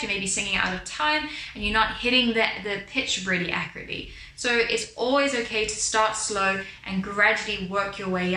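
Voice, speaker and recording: Her medium-pitched voice has a sharp edge as she coaches beginners through singing exercises, demonstrating and overpronouncing each word. The room sounds spacious, with piano behind her.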